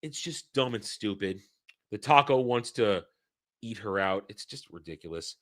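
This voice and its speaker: A man's voice: fairly low pitch, animated, normal speed, fairly bright tone. A man giving a blunt, exasperated film review, swearing freely and repeating himself for emphasis.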